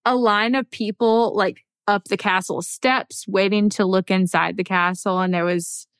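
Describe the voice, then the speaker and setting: A young adult woman co-hosting a podcast in casual chat, telling stories excitedly and acting out her own reactions. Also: mid-range voice, measured pace, clear, resonant tone, no echo, studio quality. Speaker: podcast co-host.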